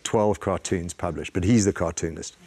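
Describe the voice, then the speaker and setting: A man, a guest on a talk show, telling relaxed anecdotes in casual chat. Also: deep voice, moderate pace.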